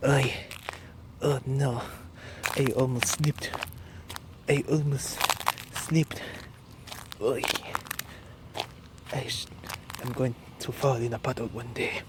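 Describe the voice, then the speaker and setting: A man's voice: medium pitch, steady tone, slow, long pauses, very noisy, close to an everyday voice. A young man playing an eccentric, boastful French man in a comedy skit, rambling and swearing in a put-on French accent as he walks outdoors on ice. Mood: goofy. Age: young adult. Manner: goofy, rambling, swearing, self-narrating. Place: outdoors on icy ground.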